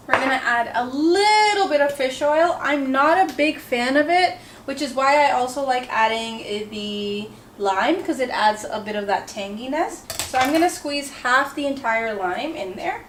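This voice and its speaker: Young woman, Indian accent, high voice, casual kitchen chatter, self-deprecating, light background noise. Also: normal speed. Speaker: home cook vlogger. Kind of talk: casual cooking vlog. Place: home kitchen.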